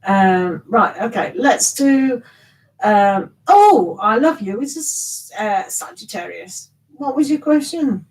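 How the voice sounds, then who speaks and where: A woman's voice: medium pitch, very animated, takes it slowly, rough recording. A middle-aged woman chatting casually with viewers as a tarot reader on a live stream, rambling and teasing with laughs.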